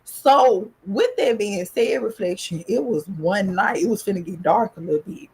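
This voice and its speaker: A woman from the US South with a Southern accent, hosting a podcast and telling a personal story in a casual, animated, profane way. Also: moderate pace, a little hiss or hum. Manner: animated, profane, rising pitch in excitement. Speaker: podcast host.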